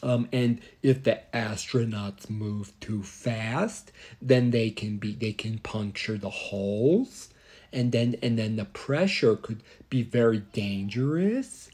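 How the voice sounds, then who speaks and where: A man doing a slow, dreamy old astronaut. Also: on the low side, a little mellow, breathy edge. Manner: slow, halting, repeats words. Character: rambling, dreamy older male astronaut.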